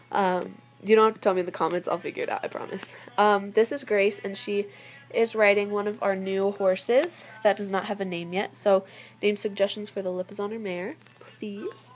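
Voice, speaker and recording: Teenage girl, casual toy tour, chatty, giggly, mid-pitched, talking into a handheld camera. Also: poor audio. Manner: chatty, giggly, loses her train of thought. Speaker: toy collector vlogger. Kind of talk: casual show-and-tell tour.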